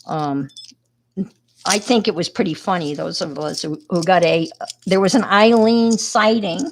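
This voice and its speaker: A woman's voice: on the low side, unhurried. A middle-aged woman with a New York accent, chatting casually with viewers on a crafting livestream and greeting them by name.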